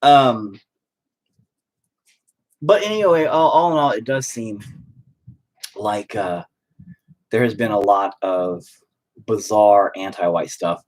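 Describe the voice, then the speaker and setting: A man's voice: fairly low pitch, slow pace, pauses often. A man chatting at home while painting, rambling through a profane, opinionated rant.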